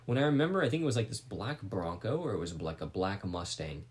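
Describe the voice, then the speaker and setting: A man's voice: fairly low pitch, fast. A young man casually retelling a story on a podcast, rambling and swearing freely. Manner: rambling, profane, animated retelling. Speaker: podcast co-host telling a story.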